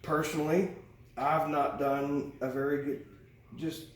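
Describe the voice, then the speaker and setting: A man's voice: a little high, little pitch movement, a little slow. A man giving a casual, rambling tarot reading, candid and swearing freely, recorded at a distance in a very echoey room. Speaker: tarot reader. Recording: very echoey room, distant mic, faint hiss.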